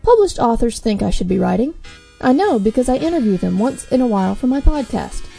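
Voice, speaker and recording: Wry gravelly woman reading a podcast promo. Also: fairly high pitch, big pitch swings, a little fast, dark tone, soft background music. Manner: wry, self-mocking. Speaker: podcast host doing a promo. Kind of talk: scripted promo.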